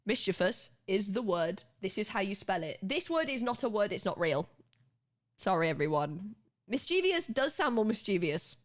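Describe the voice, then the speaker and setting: A woman's voice: mid-range voice, moderate pace. Laughing British woman streamer. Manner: chatty, laughs often, animated. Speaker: streamer teaching a spelling lesson. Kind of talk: casual live-stream chat.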